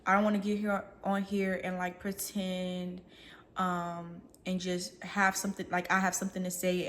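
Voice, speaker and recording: A woman's voice: lowish voice, monotone, moderate pace, a little hiss or hum. A young woman, vlogging in a casual, chatty rant, talking through bites of food. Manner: casual, chatty, talks while eating.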